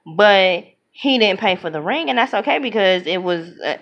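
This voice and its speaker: A woman giving an opinionated movie review in casual talk, emphatic and animated, often acting out what other people say. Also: medium pitch, normal speed. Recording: dull lo-fi sound.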